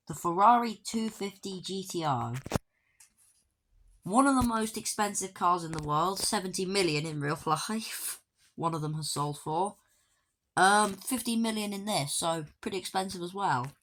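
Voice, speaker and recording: A woman's voice: mid-range voice, fairly bright tone, slight background noise. A woman giving a casual walkthrough commentary of a video game, with dry, offhand joking asides. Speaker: gaming video creator.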